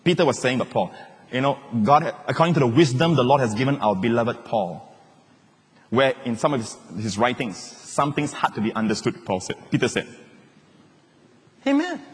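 A pastor preaching a sermon, joking with the congregation and acting out quotes. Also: male voice, mid-range voice, normal speed, breathy edge. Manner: animated, joking, acts out quotes. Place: large church hall. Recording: long reverb of a large hall.

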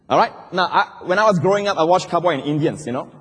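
Male pastor preaching; high, husky voice that rises to shouts and drops to asides, big reverberant hall. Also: brisk, few pauses. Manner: animated preaching that swings from loud cries to low asides. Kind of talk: sermon.

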